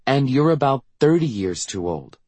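A man voicing a skeptical, sharp-tongued teenage sibling who needles their mother. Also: mid-range voice, big pitch swings, moderate pace, breathy edge, dry recording, pitched above the performer's own voice. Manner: dry and skeptical.

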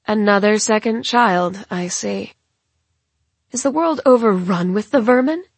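Cruel scornful woman chief, put on by a female narrator, breathy, dry audiobook sound. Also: mid-range voice, measured pace, no room sound. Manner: scornful, icy and mocking. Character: cold, cruel woman chief, a ruthless villain.

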